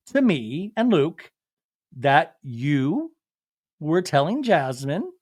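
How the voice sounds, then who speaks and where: A male podcast host recapping a reality show in a comic, profane way, often acting out what the cast said. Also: on the high side. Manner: animated, profane, jumps into exaggerated impressions.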